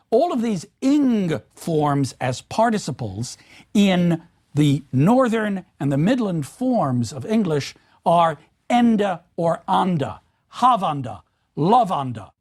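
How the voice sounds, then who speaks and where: A man giving an academic lecture in a measured, emphatic way, speaking example sentences aloud. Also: a little high, a little mellow.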